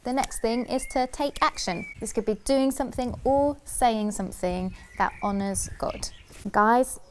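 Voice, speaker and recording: Woman giving a gentle kids' talk. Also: on the high side, a little hiss or hum. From United Kingdom. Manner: gentle, questioning, rhythmic repetition. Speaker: children's church presenter.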